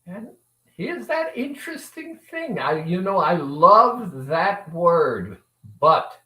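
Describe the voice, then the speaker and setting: Man, motivational coach, slow storytelling, lively pitch, roomy distant sound. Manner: acts out both sides of a dialogue with lively shifts. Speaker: weight-loss coach.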